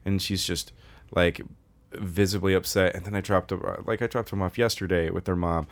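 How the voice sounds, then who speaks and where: A man co-hosting a casual podcast, with a voice that sits on the low side. He tells rambling personal stories and swears freely as he goes. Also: fairly even intonation, moderate pace, vocal fry. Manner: swearing, laughing, rambling storyteller. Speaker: podcast co-host. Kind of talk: casual chat.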